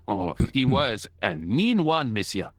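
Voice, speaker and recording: A boastful old French soldier from a video game, with a French accent and a pompous, chuckling manner. His pitch swoops widely as he talks. The studio sound is dry. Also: very animated, slow pace, no room sound, heavily acted.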